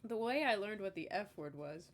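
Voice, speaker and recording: A woman's voice: mid-range voice, moderate pace. A young woman co-hosting a casual podcast, telling childhood stories with lots of laughter and acted-out quotes. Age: young adult. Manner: animated storyteller, acts out quotes, laughs often. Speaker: podcast co-host. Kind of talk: casual chat.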